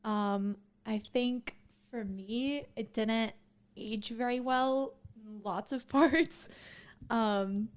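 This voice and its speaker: A woman guest on a podcast, speaking casually in a halting, thoughtful way with many pauses. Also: fairly high pitch, steady tone, smooth. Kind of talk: casual chat.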